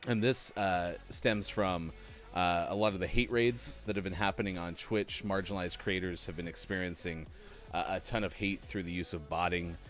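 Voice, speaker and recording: A man's voice: sits low, steady tone, normal speed, fairly bright tone. A man hosting a live gaming morning show in loose, chatty talk, laughing often. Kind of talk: casual live-stream chat.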